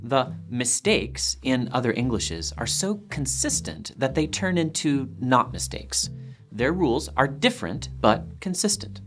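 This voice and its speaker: A man presenting a documentary, narrating a script in a lively, lightly playful way. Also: mid-range voice, a little slow, soft background music.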